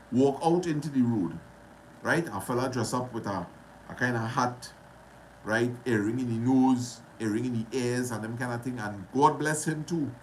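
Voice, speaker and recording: A man's voice: mid-range voice, slight background noise. Trinidadian man telling a story. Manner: animated, dramatic retelling with repetition and dialect. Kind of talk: casual storytelling to camera.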